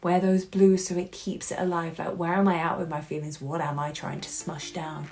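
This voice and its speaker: A woman hosting a solo podcast, talking in an earnest, heartfelt way that swings between loud and hushed. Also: lowish voice, level tone, moderate pace. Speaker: podcast host.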